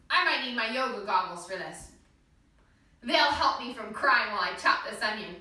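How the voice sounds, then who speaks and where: Bright, sing-song woman leading kids yoga. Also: a little high, animated, normal speed. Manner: playful, encouraging, sing-song. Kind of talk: guided kids yoga class with pretend play. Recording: echoey room, voice from a distance.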